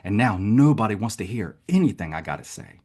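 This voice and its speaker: A man who was a paramedic instructor, a guest telling his story in an impassioned way, swinging between soft and loud. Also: on the low side, very animated, brisk. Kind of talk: conversational interview.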